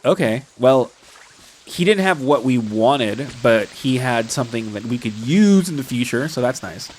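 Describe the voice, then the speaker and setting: A man's voice: medium pitch, animated, measured pace, darkish tone, slight background noise. A man with a stuffy nose giving rambling, casual commentary while playing a video game. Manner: rambling and casual, many fillers. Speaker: gamer playing on stream. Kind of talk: let's play commentary.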